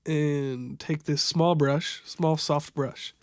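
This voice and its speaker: A young man improvising a makeup tutorial voiceover, halting and stumbling over product names, wryly amused by what he sees. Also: on the high side, steady tone, dry recording, clean studio sound. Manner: wry, amused at the footage. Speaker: voiceover narrator.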